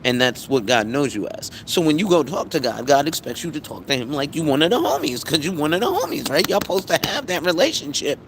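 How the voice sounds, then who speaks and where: A slightly higher-pitched man talks bluntly and swears freely on a casual live stream, telling animated stories. A faint vehicle rumble sits low behind his voice. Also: quick pace, few pauses. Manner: blunt, profane, animated storytelling. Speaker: insurance agent and live-stream host.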